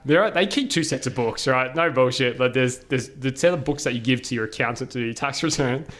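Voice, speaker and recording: A podcast guest, male, delivers animated, easygoing anecdotes in a fairly quick, mid-range voice with a slightly bright quality. Laughter comes often, as do filler words, in this casual storytelling interview.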